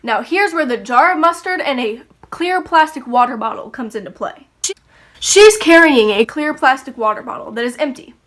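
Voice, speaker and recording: A woman's voice: sits high, expressive, normal speed, a bit bright. A young woman telling a story casually, swearing freely and acting out the voices. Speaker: YouTuber.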